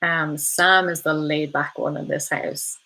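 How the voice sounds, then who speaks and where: A woman's voice: sits low, steady tone, a little slow, pushed and bright, poor audio. A woman hosting a casual live stream, chatting with viewers, often saying um and laughing between thoughts. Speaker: host of a live stream, reading viewer comments.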